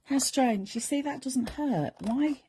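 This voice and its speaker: A woman's voice: high-pitched, slow pace, dark tone, a little hiss or hum. A middle-aged woman chattily talking through a papercraft demonstration step by step and chatting with viewers. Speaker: craft demonstrator. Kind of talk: chatty live crafting demonstration.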